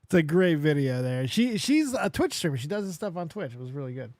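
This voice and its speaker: A man hosting a live stream, chatting casually and excitably as he reacts to clips. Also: fairly high pitch, fairly quick, no room sound, clean studio sound. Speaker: streamer and podcast host.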